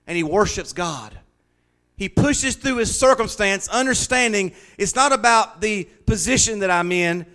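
A pastor delivers a sermon in a high voice, swinging between loud, rising declarations and hushed, confiding stories.

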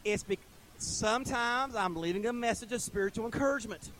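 A middle-aged man preaching a casual sermon in a church, folksy and conversational, chuckling often and rising to loud emphatic bursts. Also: extremely high pitch, a little fast, a little hiss or hum, rough recording. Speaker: pastor. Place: church sanctuary.

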